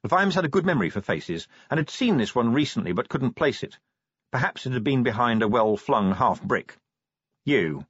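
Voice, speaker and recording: A man narrating an audiobook in a dry, expressive storytelling manner. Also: medium pitch, brisk, slightly rough, no echo, dull audio.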